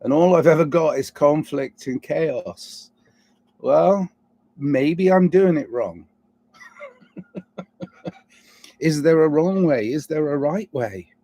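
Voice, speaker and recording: This vlogger's voice sits on the high side, with a dark tone and lively intonation, and he takes his time; the recording has no room sound. Talking alone with a noticeable non-standard English accent, he rambles reflectively and asks himself many questions.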